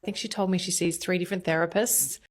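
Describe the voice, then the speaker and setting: An Australian woman TV journalist speaking in a measured, earnest way about an interview she did. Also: lowish voice, fairly even intonation. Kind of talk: calm TV interview narration.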